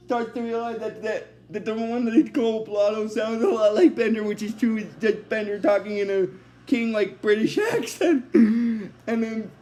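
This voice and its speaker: Recapping an episode of a cartoon, a young man speaks casually in a high-pitched, somewhat mellow voice. His account wanders, peppered with plenty of "uh" and "basically."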